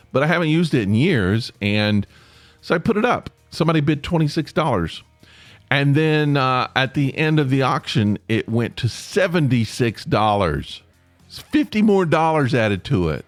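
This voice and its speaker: A man's voice: medium pitch, no echo. A man hosting a podcast, talking in a casual, rambling solo monologue with lots of fillers and restarts. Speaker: podcast host.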